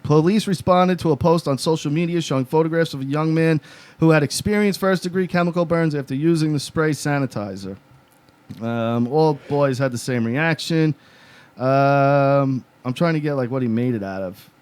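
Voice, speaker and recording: A man with a slightly raised voice co-hosts a casual podcast. He tells stories in a rough, profane, animated way and reads news items aloud in the same loose tone. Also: a little high, normal speed. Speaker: podcast co-host. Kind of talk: casual chat.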